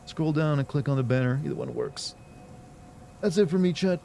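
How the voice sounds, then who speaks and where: A male streamer in casual chat, tired and yawning, thanking his viewers in a relaxed, drowsy way. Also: mid-range voice, fairly quick, creaky, slight background noise.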